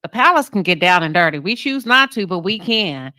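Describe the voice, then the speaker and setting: A woman's voice: on the low side, lively intonation, a little fast, bright, forceful tone, dry recording, studio quality. A woman addressing viewers on a live stream in a defiant, profane, emphatic way.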